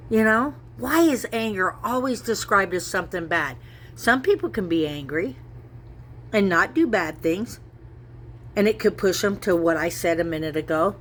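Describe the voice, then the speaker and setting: A woman's voice: medium pitch, a bit bright, a little hiss or hum. A middle-aged woman vlogging at home, speaking earnestly to camera and circling back to the same points. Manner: earnest, repetitive, rambling. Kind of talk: casual talk to camera.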